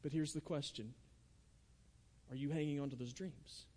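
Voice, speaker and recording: High-voiced preaching man in a reverberant hall. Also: fairly even intonation, moderate pace, dark tone. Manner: earnest, repeats words when starting phrases. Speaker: pastor. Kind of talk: sermon.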